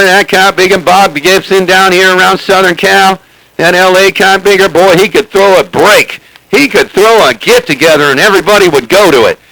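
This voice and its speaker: A man's voice: sits high, vocal fry, pushed and bright, no echo, rough recording. A man bantering on CB radio, joking and boastful, who keeps repeating "hey, hey, hey" to get attention. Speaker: CB radio operator.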